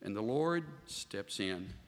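A man preaching a sermon as a pastor, animated and voicing the figures he quotes. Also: lowish voice, slow. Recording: long hall reverb.

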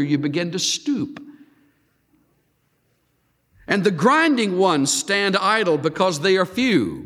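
A man preaching a sermon, reading scripture aloud and acting out quoted lines with an animated, swinging delivery. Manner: animated, swings high and low to act out quotes. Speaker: pastor. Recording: long hall reverb.

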